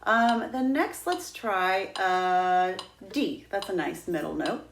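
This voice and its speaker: A woman's voice: medium pitch, lively intonation, slow, vocal fry, reverberant, a little hiss or hum. A woman teaching a flute lesson, patient and demonstrative, walking students through each step. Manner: patient, demonstrative, breaks into sung "ha ha" drills. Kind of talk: instructional lesson.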